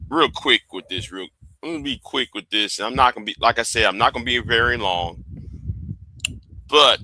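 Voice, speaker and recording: Sharp-voiced, animated male livestream host. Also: on the low side, poor audio. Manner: stop-start, repeats words and catchphrases. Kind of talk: casual livestream commentary.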